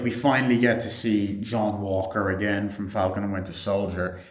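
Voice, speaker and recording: A man giving a casual, rambling movie review, swearing freely and filling his talk with "like" and "um". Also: on the low side. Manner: rambling, heavy swearing, many fillers. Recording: roomy echo.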